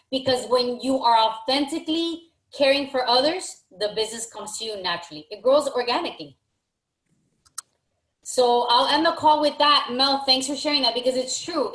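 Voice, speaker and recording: A woman's voice: fairly high pitch, fairly bright tone. Encouraging woman with an echoey sound. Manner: emphatic, encouraging, repeats phrases. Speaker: team leader. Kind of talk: motivational team call.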